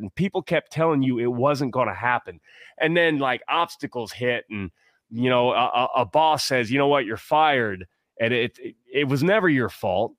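A man's voice: mid-range voice, no room sound, studio quality. A man co-hosting a casual sports talk show, speaking with passion and rambling through many restarts. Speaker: podcast co-host.

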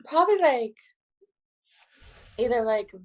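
A woman's voice: on the high side, lively intonation, takes it slowly, darkish tone. A woman chatting casually as a podcast guest, laughing easily and agreeing along. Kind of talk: casual chat.

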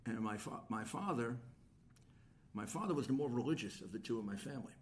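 A man's voice: mid-range voice, a little fast, slight background noise. An older man, a guest in a casual chat, telling family stories and acting out his relatives' voices. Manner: animated storyteller, acts out relatives' voices. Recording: roomy room echo.

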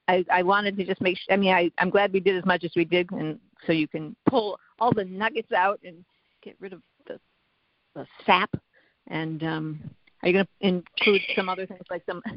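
A podcast guest talking in a soft-spoken, reflective, hesitant way, with many pauses and fillers, on a dull, dry recording. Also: medium pitch, fairly even intonation, no echo. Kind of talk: casual conversation.

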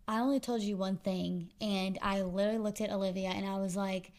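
A woman's voice: medium pitch, steady tone, a little fast, few pauses, a little mellow. A woman guest, with many fillers and restarts, telling her story casually in an interview. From Arkansas.

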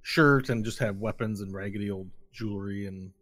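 A man's voice: fairly low pitch, moderate pace, a bit bright. A man narrating a tabletop role-playing game as game master, describing scenes in a loose, hesitant way.

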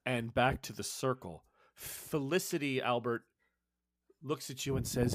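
A man narrating a tabletop horror game as game master, with dramatic, animated delivery. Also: medium pitch, a little slow, no room sound, clean studio sound.

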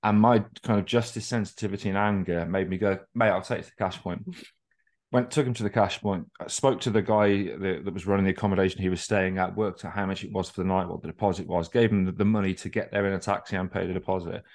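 In casual podcast chat, a male co-host talks quickly with few pauses in a low, slightly mellow voice of fairly even intonation. His long stories are candid, rambling and profane, with restarts and self-deprecating asides.

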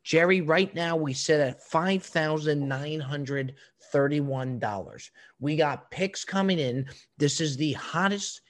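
A man's voice: on the high side, expressive, slow pace, few pauses. A man co-hosting a casual comedy podcast, lecturing his co-host in a needling, mock-serious way.

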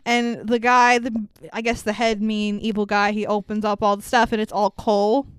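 A woman's voice: medium pitch, normal speed, smooth, no room sound. A woman co-hosting a podcast, casually recapping a movie with lots of laughter and acted-out quotes. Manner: animated, laughing storyteller acting out quotes. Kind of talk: casual chat.

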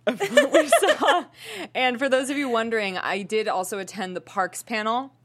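A woman's voice: a little high, animated, normal speed. A young adult woman hosting a casual entertainment news chat, talking chattily with lots of giggles and fillers. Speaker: show host.

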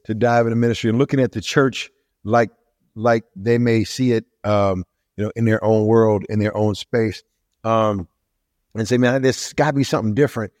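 A man's voice: lowish voice, fairly even intonation, moderate pace, darkish tone, no room sound, studio quality. A man interviewing a guest in casual conversation, asking rambling questions full of fillers.

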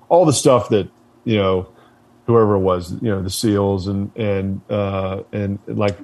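A man being interviewed, casually telling stories with plenty of fillers, swearing and laughter. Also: fairly low pitch. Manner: relaxed, profane, many fillers, laughs while telling stories. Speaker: interview guest, former Marine officer.

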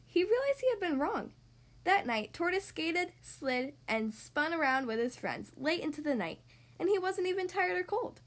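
High-voiced lady reading a picture book to kids, super expressive, sing-songy. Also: normal speed. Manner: friendly, expressive, sing-song. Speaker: podcast host reading to children. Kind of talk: storybook read-aloud.

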